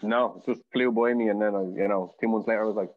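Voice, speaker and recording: A quick-talking Irish man chats as a guest, with a lowish voice and a storyteller's flow. The recording sounds dull and lo-fi. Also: fairly even intonation. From Ireland. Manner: chatty, storytelling with acted quotes. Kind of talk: casual chat.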